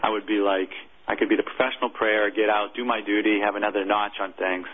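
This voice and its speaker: A former military chaplain, a man, telling a personal story in an interview, earnest and halting. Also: lowish voice, little pitch movement. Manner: earnest, halting, emotional recounting. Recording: tinny phone-like audio.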